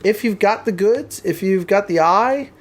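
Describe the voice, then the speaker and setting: A man guesting on an interview, telling stories and giving advice in a relaxed, candid way, now and then swearing. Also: high-pitched, moderate pace. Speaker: interview guest, film production head. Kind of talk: casual interview chat.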